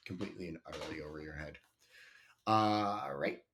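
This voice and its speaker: A man's voice: rumbling low, normal speed, fairly bright tone, a little hiss or hum. A man co-hosting a business podcast in casual chat, laid-back and self-deprecating. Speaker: podcast co-host.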